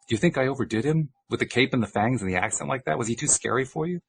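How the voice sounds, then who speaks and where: A man's voice: medium pitch, rapid-fire, creaky, slightly rough, voice pushed up. A man reading a book aloud and voicing a patient male spiritual teacher who explains things. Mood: playful.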